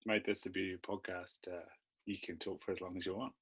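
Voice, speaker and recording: A man's voice: deep voice, little pitch movement, fast, a bit bright, husky. A man hosting a podcast, laid-back, murmuring agreement and chatting with his guest. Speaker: podcast host. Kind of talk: casual interview chat.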